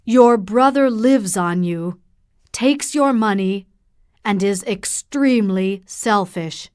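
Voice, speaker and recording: A woman's voice: mid-range voice, slow pace, a little mellow, clean tone, dry recording, clean studio sound, lightly acted. A woman reading the lines of a stern middle-aged male doctor in an audiobook, firm and direct.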